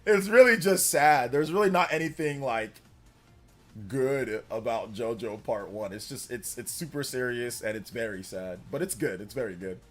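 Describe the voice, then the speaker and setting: A young man chatting casually on a live stream, animated, laughing often and breaking into high character voices.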